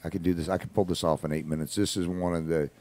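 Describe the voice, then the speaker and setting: A man's voice: deep voice, level tone, fast talker, darkish tone. A man, a regular on a radio show, telling rambling stories in casual talk with folksy asides.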